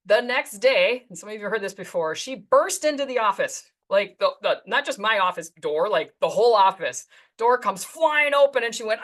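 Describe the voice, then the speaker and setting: A woman's voice: medium pitch, normal speed. A woman coaching insurance agents, telling client stories and acting out both sides of the conversation. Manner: animated, acts out client dialogue. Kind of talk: storytelling to agents.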